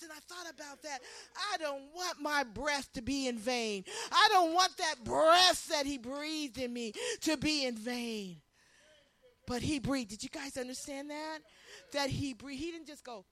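A woman preaching a sermon with passion, swinging from loud, shouted lines to hushed ones. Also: sits high, unhurried.

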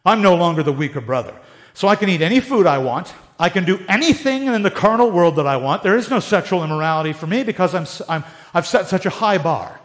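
A man's voice: high voice, lively intonation, fast talker, fairly bright tone. A man voicing a smug, self-righteous churchgoer who boasts about how close to God he is.

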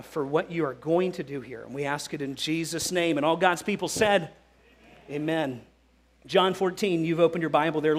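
A male pastor preaching a sermon, speaking animatedly and acting out the disciples' voices. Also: high-pitched.

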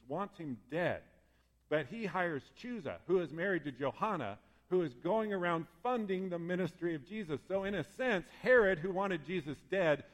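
Lively man preaching in a reverberant hall. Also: on the high side. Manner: lively and conversational, geeking out with asides. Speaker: pastor. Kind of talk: sermon.

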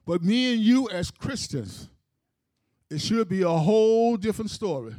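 High-voiced emphatic male preacher. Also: lively intonation, measured pace, mellow, dry recording, clean studio sound. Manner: storytelling, emphatic, rhythmic phrasing. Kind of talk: sermon.

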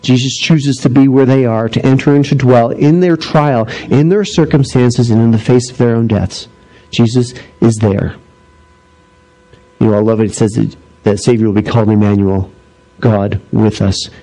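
A middle-aged male preacher with a mellow voice who brings his stories to life, acting out bits of dialogue. He drops low and slow when he lands a serious point. His pitch sits in the middle for a man. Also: poor audio. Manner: animated storytelling, acting out voices. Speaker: pastor. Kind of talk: sermon.

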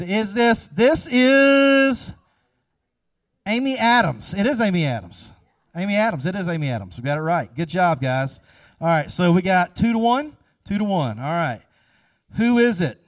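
A man's voice: high-pitched, dry recording, studio quality, far from the mic. A man leading a casual, chatty sermon after an audience guessing game, upbeat and repeating himself.

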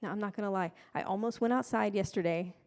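Speaking quickly in a mid-range, somewhat dark voice, a woman preaches a relaxed, conversational sermon and adds playful jokes at her own expense. The recording carries a long hall reverb.

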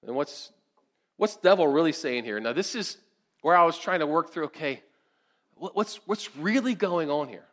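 A pastor, male, with a slightly high voice and a moderate pace, preaches with animation and a conversational feel. He keeps asking the congregation questions.

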